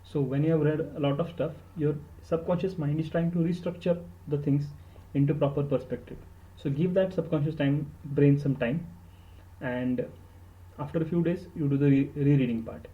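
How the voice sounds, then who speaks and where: A man's voice: on the high side, fairly even intonation, normal speed, muffled recording. A man with an Indian accent giving study tips in an earnest, emphatic way, slipping into Hindi and repeating words for stress. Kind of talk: instructional podcast talk.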